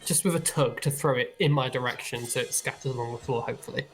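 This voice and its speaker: A man narrates his turn in a tabletop game in a casual, light way. His voice sits at an ordinary middle pitch. Soft music plays in the background. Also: quick pace. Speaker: player.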